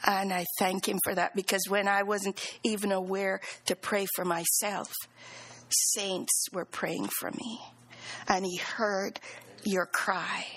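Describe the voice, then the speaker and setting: Slow, husky woman giving church testimony. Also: medium pitch, level tone, poor audio. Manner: earnest, halting, with soft whispered phrases.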